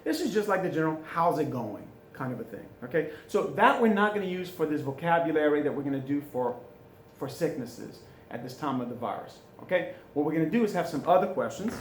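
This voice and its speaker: A man teaching French in a classroom, chatty and informal, repeating phrases slowly for students to drill. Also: on the high side, sing-song, reverberant, a little hiss or hum. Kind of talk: recorded classroom lesson. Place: classroom with a board.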